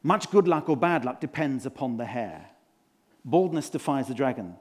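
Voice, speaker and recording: In a mid-range, slightly rough, animated voice at normal speed, a comedian plays a boastful motivational speaker, a self-adoring management guru. Live on a conference stage, he spouts flashy rhymes and quizzes the audience.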